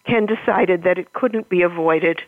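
A woman author in an interview, speaking thoughtfully with halting pauses, then reading aloud from her own novel. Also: fairly low pitch, no room sound. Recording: tinny phone line.

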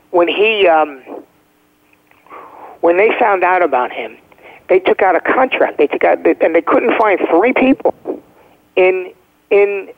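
Guest caller: emphatic man, slightly high voice, heard through a tinny phone line. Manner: emphatic, checks in with "okay?". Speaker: guest, former first responder. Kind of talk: phone-in interview storytelling.

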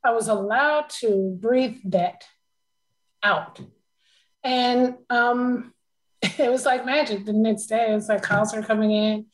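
A woman's voice: on the high side, slow pace, rough recording. A woman talking in a casual conversation, telling a personal story with emotion and frequent laughter.

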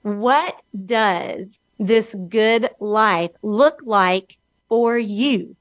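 A middle-aged woman with an Alabama Southern accent, hosting her own talk show in a slow, earnest, motivational way. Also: on the high side, no room sound. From Alabama, USA. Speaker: podcast host.

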